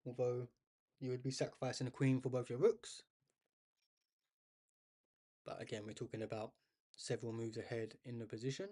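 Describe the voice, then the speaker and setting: A man's voice: medium pitch, flat delivery, normal speed, pauses often, warm tone. Chatty man commentating live chess. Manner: chatty, addresses viewers as guys, thinks aloud with restarts.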